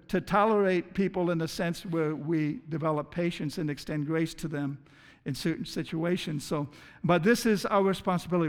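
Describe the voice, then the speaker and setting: A man's voice: high voice, in a large hall. A man preaching a sermon as pastor, earnest, often stumbling over and repeating his words. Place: church.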